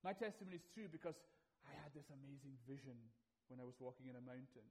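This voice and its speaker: A man preaching a sermon in a church building, explaining his point with everyday examples and lively emphasis. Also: on the high side, fast talker, low-quality recording.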